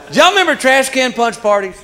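A man doing a stand-up comedy routine, telling stories and landing punchlines in an animated way. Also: very high voice. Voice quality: animated storyteller, punchline delivery. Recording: live club, loud audience. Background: crowd laughter.

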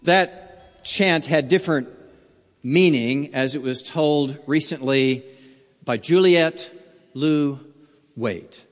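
Slow, earnest pastor with hall reverb. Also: male voice, fairly high pitch. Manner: slow, earnest storytelling with wide swings in loudness. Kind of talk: sermon.

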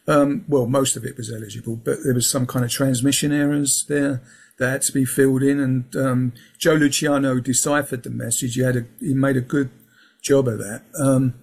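A man's voice: medium pitch, little pitch movement, moderate pace, vocal fry, slightly rough. A man talking casually as an interview guest, rambling, restarting his sentences and filling with um and yeah. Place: lives in England.

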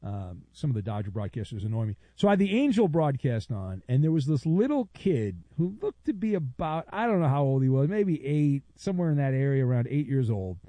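A man's voice: mid-range voice, brisk, few pauses, dry recording. A man hosting a sports talk radio show, chatty and opinionated, telling stories and arguing with callers. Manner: chatty, opinionated, animated storytelling.

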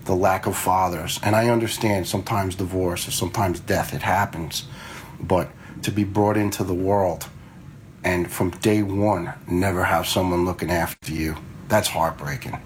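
A man's voice: sits low, fairly even intonation, moderate pace, a little hiss or hum. A blunt man in his forties, a retired fire lieutenant, telling stories casually and quoting himself along the way. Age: 40s. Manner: blunt, quotes himself in anecdotes. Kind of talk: casual storytelling.

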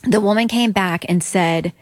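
A woman's voice: mid-range voice, normal speed, no echo. A woman guest earnestly telling her faith story in an interview, acting out quoted lines.

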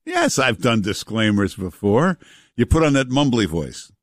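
A man's voice: mid-range voice, unhurried, no echo, clean studio sound. Chatty New talk radio host man. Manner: relaxed, chatty, with frequent "uh" fillers. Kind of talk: talk radio banter and ad reads. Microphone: studio broadcast mic.

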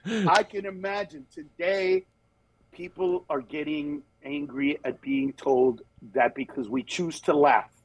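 Animated man with a husky high voice. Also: a little slow, dry recording, poor audio. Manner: animated, jumps into acted voices of others; turns earnest and steady when serious. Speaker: comedian guest on a talk show. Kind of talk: casual conversational storytelling.

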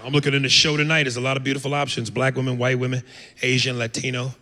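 A man's voice: medium pitch, little pitch movement, quick pace. A man doing a brash, profane stand-up set in a comedy club, acting out voices. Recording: live club mic with echo and noise.

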